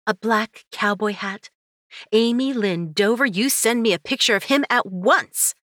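A woman voicing an excitable, teasing female best friend who talks bossily and swears freely. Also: mid-range voice, moderate pace, no echo, clean studio sound, pitched above the performer's own voice, natural voice. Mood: excited. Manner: gushing, bossy, swearing freely.

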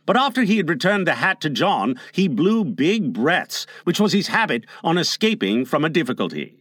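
A man narrating a children's storybook aloud in an expressive, playful way. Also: on the high side, moderate pace, hardly any pauses, husky, no echo, clean studio sound. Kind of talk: storybook reading.

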